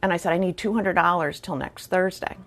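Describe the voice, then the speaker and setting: A woman's voice: lowish voice, steady tone, brisk. A middle-aged woman telling a funny personal story in a casual, wry, self-deprecating way, with chatty fillers. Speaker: storyteller vlogger.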